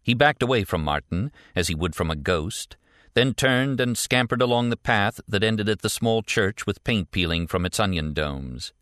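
A man narrating a thriller audiobook in a measured, even way. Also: fairly low pitch, no room sound, studio quality. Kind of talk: scripted narration.

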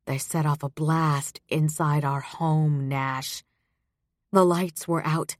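A guarded, bitter woman, read by a female narrator, speaks low and slow in a heavy voice, her words tight with old anger. The recording is dry and close. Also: no room sound.

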